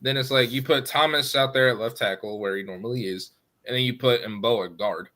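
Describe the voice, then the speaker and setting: A man talking as a podcast guest, opinionated and animated about the team's play. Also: mid-range voice, fairly quick. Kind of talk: casual sports talk.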